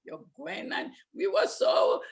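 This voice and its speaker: Speaking slowly with a Limón Creole English accent, an older storyteller from Limón, Costa Rica, brings her childhood memories to life, animatedly repeating words to stress them.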